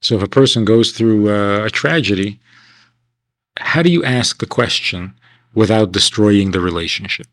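In a rough recording with no echo, a man with a fairly low voice lectures a winter camp class at a moderate pace. He keeps it conversational, throwing out rhetorical questions and animatedly acting out the people he quotes.

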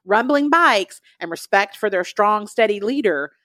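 A woman in her forties co-hosting a casual pop-culture podcast, talking in an animated, gushing way with quick asides. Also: mid-range voice, no room sound, studio quality. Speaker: podcast co-host.

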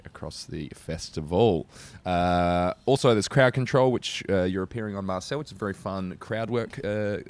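A young Australian man co-hosting a comedy podcast, wry and joking, trailing off into mumbles while explaining. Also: low voice. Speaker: podcast co-host. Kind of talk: casual comedy podcast chat.

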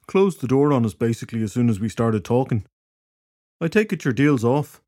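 A man voicing a chatty, cheeky druid in an audiobook, pitched a bit above his narrating voice. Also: animated, a little fast, dark tone, no echo, clean studio sound, natural voice.

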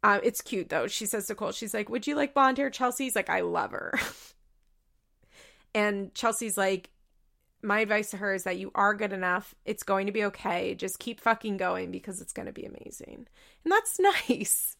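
A young woman hosting a podcast, recapping a reality show in rambling casual chat, emotional and quick to laugh. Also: medium pitch, steady tone, gravelly, fairly bright tone. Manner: chatty, rambling, full of "like" and self-corrections.

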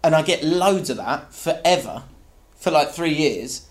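Animated man ranting about football. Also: on the high side, a little slow. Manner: animated, ranting, frequent restarts. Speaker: podcast co-host. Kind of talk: casual football chat.

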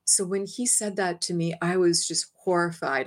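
A woman with a fairly low voice recounts a personal experience as an interview guest. She tells it in a lively, animated way, acts out her own past words and laughs lightly between phrases. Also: measured pace. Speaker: interview guest, energy healer. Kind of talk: personal storytelling.

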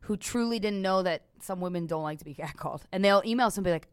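A woman's voice: medium pitch, fast, few pauses, clear, resonant tone, no echo. A young woman co-hosting a casual talk show, blunt and profane as she vents frankly. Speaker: podcast co-host. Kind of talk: casual chat.

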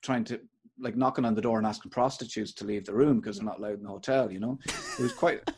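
A man's voice: on the low side, quick pace, a little mellow, a little hiss or hum. A middle-aged Irish man and podcaster telling rambling anecdotes in a casual interview. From Ireland. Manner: rambling, anecdotal, with many restarts. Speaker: podcaster and performer.

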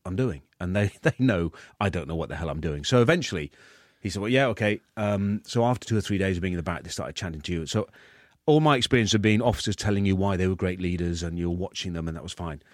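Guest in his 50s, low-pitched, halting delivery, dry close sound. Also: no echo. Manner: halting, many restarts. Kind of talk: interview.

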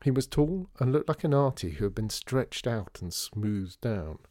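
A man narrating a storybook in a measured, gently wry way. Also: medium pitch, lively intonation, no echo, clean studio sound. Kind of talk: storybook reading.

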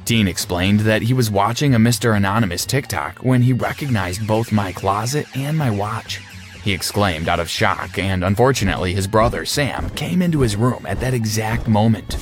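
Low-voiced young man narrating a story. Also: moderate pace, soft background music. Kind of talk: first-person story narration.

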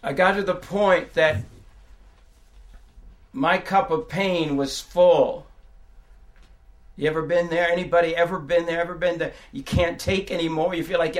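Older male preacher, high voice, emotional testimony that drops to a hush and rises to shouts. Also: fairly even intonation, unhurried, long pauses. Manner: swings from hushed storytelling to crying shouts. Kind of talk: sermon testimony.

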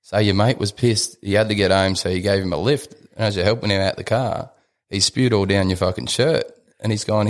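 Laid-back Australian bloke, low voice. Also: male voice, steady tone, brisk. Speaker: podcast guest. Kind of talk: casual chat and joke telling.

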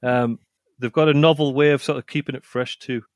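A man's voice: medium pitch, steady tone, brisk, no echo, clean studio sound. A man co-hosting a casual chat podcast, rambling and repeating himself as he tells a story and reads reviews aloud. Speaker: podcast co-host.

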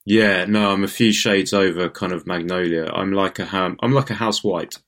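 Male co-host, very deep voice, playful theatrical humour. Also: fairly even intonation, normal speed, a bit bright. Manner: playful, theatrical and self-mocking. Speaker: podcast co-host. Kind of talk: casual podcast chat.

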